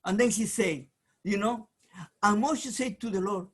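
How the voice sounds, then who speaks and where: Male rabbi, slow, husky, emphatic Torah teacher in broken English. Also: high-pitched. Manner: emphatic and animated, in broken English with frequent restarts; jokes and talks aside to someone off mic. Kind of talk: informal Torah lesson.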